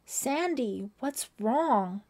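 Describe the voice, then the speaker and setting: A woman's voice: lively intonation, very slow, darkish tone, full character voice. Woman voicing an anxious teenage girl. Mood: frightened pleading. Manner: pleading, questioning, rising pitch. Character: curious teenage girl camper, anxious and earnest.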